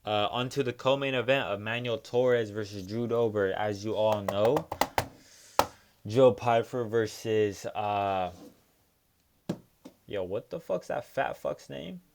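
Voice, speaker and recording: A man's voice: on the low side, slow, background noise. A young man hosting a casual solo fight recap, talking in profane, heated rants full of fillers. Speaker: MMA recap host.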